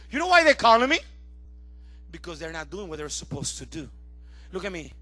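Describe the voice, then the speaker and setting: A middle-aged man preaching a sermon as pastor, animated and acting out the voices of his family and callers. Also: high voice, brisk, pauses often.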